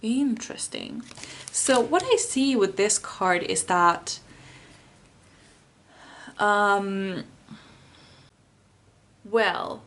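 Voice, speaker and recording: A woman's voice: mid-range voice, drawn-out words, pauses often, fairly bright tone. Finnish-accented woman, tarot reader, chatty and giggly, takes her time. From Finland. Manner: rambling and giggly, often laughing. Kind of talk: casual chat.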